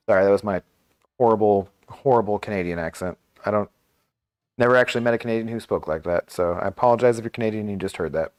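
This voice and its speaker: A man's voice: medium pitch, fast talker, darkish tone. A man in his thirties, a live streamer chatting casually and rambling as he answers viewer messages.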